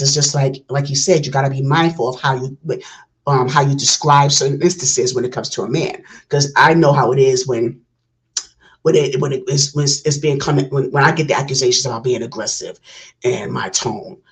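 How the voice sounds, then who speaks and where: A woman's voice: rumbling low, fairly quick, rough recording. A woman hosting a reaction video, giving passionate casual commentary with many restarts. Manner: passionate, talks it through with restarts.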